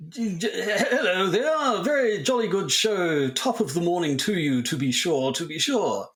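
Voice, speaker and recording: A man's voice: sits high, expressive, measured pace, a bit bright, voice pushed up. A man putting on an exaggerated mock-posh English accent, as a man faking it would.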